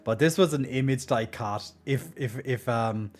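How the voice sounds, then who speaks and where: A man's voice: mid-range voice, normal speed, a little mellow. A man streaming live and chatting casually, joking a lot, laughing often and restarting his sentences.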